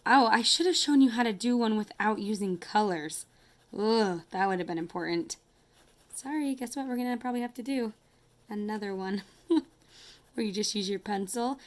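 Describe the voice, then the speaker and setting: A woman teacher talks children through a casual math lesson while drawing, chatty and apologetic, counting aloud as she goes. Her voice is medium in pitch and moderately paced.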